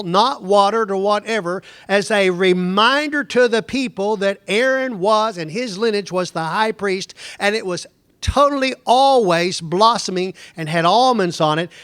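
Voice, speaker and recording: Bible teacher guy, middle-aged, pretty high voice, chatty and wandering, asks the class stuff, dry close sound. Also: a bit bright, clean tone, no room sound. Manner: conversational, digressive, asks the class questions. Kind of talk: Bible lesson lecture.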